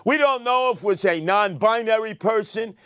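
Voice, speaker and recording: An older man hosting a sarcastic, theatrical opinion monologue, dropping to mutters and rising to shouts. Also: high-pitched, moderate pace, clear, resonant tone, dry recording, studio quality. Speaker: radio commentary host.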